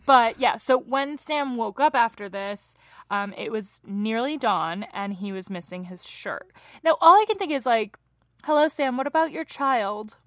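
A young woman co-hosting a true crime podcast, telling the case in a chatty, animated way and laughing often, tired from little sleep. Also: fairly high pitch, unhurried, no echo, clean studio sound. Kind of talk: casual true crime chat.

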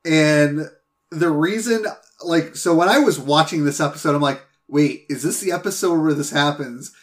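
A man with a somewhat high voice co-hosts a casual podcast, recapping an episode in a relaxed way. He hedges his points and often agrees with his partner. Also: normal speed. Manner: relaxed, hedging, lots of agreeing and laughing along. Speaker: podcast co-host.

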